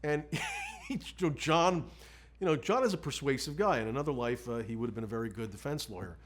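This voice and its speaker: A middle-aged man recalling his days as a defense lawyer, in a candid, lively storytelling voice. His voice sits at an ordinary middle pitch. He talks frankly and keeps getting swept up in the telling, laughing as he goes. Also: racing, breathy edge. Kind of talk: candid recollection in an interview.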